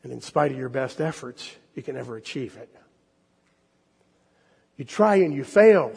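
Earnest preacher man, husky voice. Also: mid-range voice, in a large hall. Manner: earnest, swinging from loud to hushed. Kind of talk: sermon with dramatic story reading.

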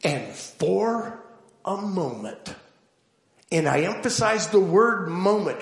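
A male preacher delivers a sermon at an unhurried, deliberate pace. His somewhat high voice has a gravelly edge. The sound echoes around a roomy space. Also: sing-song. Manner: slow, deliberate storytelling with emphatic build-ups.

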